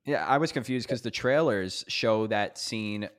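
Lower-voiced man, hesitant casual chat. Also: measured pace. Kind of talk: casual film discussion.

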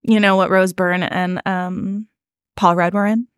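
A young woman co-hosting a podcast in casual chat, relaxed, chatty and wry. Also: mid-range voice, unhurried, clean tone, no room sound, clean studio sound. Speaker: podcast co-host.

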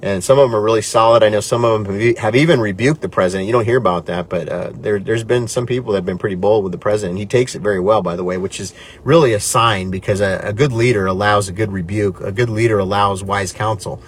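Earnest pastor chatting on a livestream. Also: male voice, on the low side, fast, few pauses, slight background noise. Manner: earnest and conversational, drifting between animated and quiet. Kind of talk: live-stream chat reading viewer comments.

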